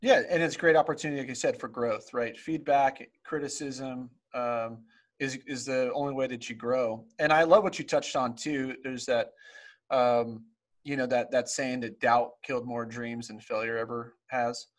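A man hosting a podcast, asking relaxed, reflective questions in a casual interview. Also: mid-range voice, moderate pace. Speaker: podcast host.

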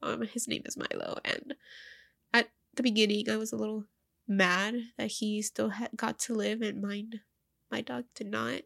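A young woman talks haltingly through tears in a personal vlog, her voice stuffy and slightly high. A gravelly creak runs through her speech, which often stalls and repeats words. The recording is dry and close. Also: level tone, fairly bright tone, no echo. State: crying, stuffy-nosed.

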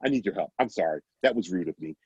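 A young woman student, blunt and startled, her voice jumping high, as a deep-voiced man acts her out in his story. The sound is dry and a little dull. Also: sing-song, quick pace, gravelly, a little mellow, husky, no echo, full character voice. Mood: flustered. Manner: high-pitched, startled quoted speech.

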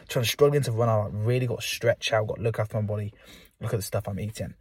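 A young man talks quickly and a little huskily, recording a casual solo podcast from inside a car. His pep talk rambles along, full of fillers, and he is still slightly out of breath from sport. The sound is close and dry. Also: fairly low pitch, steady tone, a little mellow, husky, no echo. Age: young adult. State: slightly out of breath after football. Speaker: podcast host.

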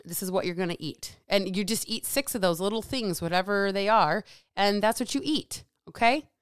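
A woman's voice: mid-range voice, moderate pace, smooth, no room sound, clean studio sound. Blunt, profane woman podcaster. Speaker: podcast host and diet coach. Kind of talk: casual solo podcast rant.

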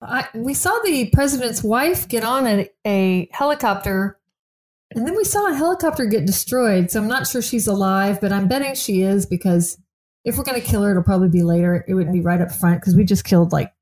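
A woman's voice: mid-range voice, lively intonation, fairly quick, a little mellow. A woman co-hosting a podcast, chatty and playful. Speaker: podcast co-host. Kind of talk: casual chat.

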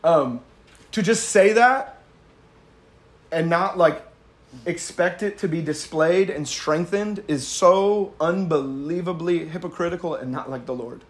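A man's voice: on the high side, measured pace. Emphatic man teaching, light laughs. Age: adult with a young daughter. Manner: conversational, emphatic, laughs between points. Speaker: Bible teacher. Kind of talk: casual sermon-style teaching.

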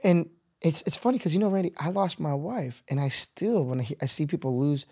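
A middle-aged man telling a personal story in conversation, earnest, and he rises into excited bursts with laughter. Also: on the high side, brisk, breathy edge, no echo, clean studio sound. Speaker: guest.

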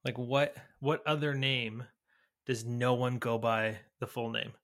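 Male podcast co-host, bright voice, curious and insistent. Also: medium pitch, flat delivery, a little slow. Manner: curious, presses the point, asks questions. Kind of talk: casual chat.

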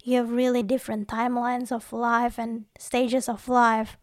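A woman's voice: on the high side, flat delivery, a little slow, no room sound, clean studio sound. A young woman talking casually to her viewers, chatty and giggly, often acting out little scenes. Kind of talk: casual personal talk to viewers.

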